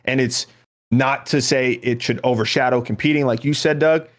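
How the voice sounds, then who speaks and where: On a casual podcast, a male host with a medium-pitched, steady voice talks at a normal speed. He rambles loosely, hesitates, keeps restarting his sentences, and hands questions off to his co-hosts.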